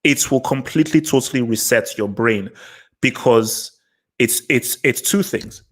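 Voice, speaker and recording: A man from Nigeria, hosting a live panel chat in a rambling way full of fillers and quick laughs. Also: mid-range voice, low-quality recording. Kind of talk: casual panel discussion.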